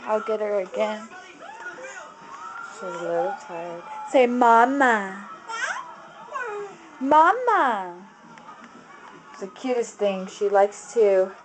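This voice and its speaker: A woman filming her toddler at home on a handheld camera, coaxing the child in sing-song baby talk and repeating short phrases. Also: mid-range voice.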